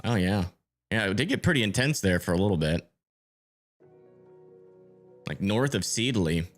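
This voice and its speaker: A man's voice: on the low side, lively intonation, normal speed, soft background music. A man giving live storm-tracking commentary on a stream, thinking aloud and answering viewer chat as he checks radar. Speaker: livestream weather tracker.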